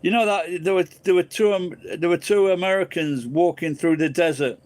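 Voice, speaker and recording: A man's voice: sits high, moderate pace, darkish tone. Profane, rambling man chatting live. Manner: tells crude jokes. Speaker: live-stream host. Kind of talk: casual live-stream chat.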